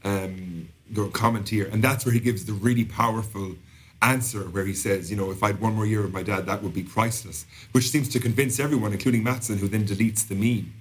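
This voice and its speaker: A man's voice: on the low side, fairly quick, husky. A man as a podcast guest, chatting casually and with strong opinions as he recaps a TV show. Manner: animated, opinionated, laughs often.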